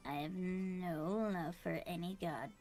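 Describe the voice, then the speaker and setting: A woman voicing a cunning, smug female murderer with a gravelly, evasive, taunting manner. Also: lowish voice, steady tone, slow, a little mellow, faint music behind. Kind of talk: voicing game dialogue.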